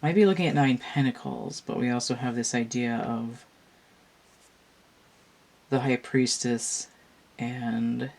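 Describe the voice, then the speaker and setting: A woman's voice: a bass voice, slow, long pauses, a little mellow. A tired, yawning woman reading tarot cards to a camera at home, musing aloud and meandering with restarts in a casual monologue. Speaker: tarot reader.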